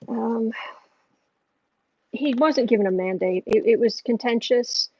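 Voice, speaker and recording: A woman's voice: a little high, a little slow, darkish tone, husky, dry recording, dull audio. A woman reading astrology and tarot on a casual home livestream, musing and thinking aloud as she goes.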